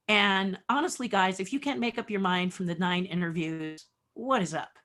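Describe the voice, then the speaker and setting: Woman, middle-aged, podcast guest, animated storyteller, acts out dialogue. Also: lowish voice, a little fast, hardly any pauses. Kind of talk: storytelling interview.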